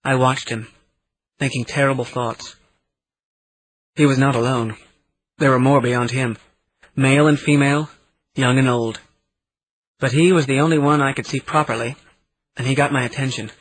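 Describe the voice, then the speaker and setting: A man narrating a novel in the first person at a steady, measured pace. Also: medium pitch, rough recording. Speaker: audiobook narrator.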